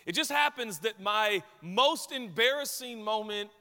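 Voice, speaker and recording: A man's voice: high voice, measured pace, big-room sound. A man from Washington state preaching a sermon as a pastor, telling a self-deprecating story with jokes. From Washington state, USA. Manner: self-deprecating, joking, lively anecdotes. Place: church sanctuary.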